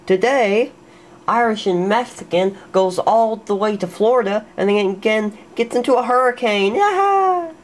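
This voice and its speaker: A woman's voice: medium pitch, steady tone, moderate pace. A woman hosting and introducing a homemade comedy show with toy ducks, announcing in an upbeat way. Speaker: show host.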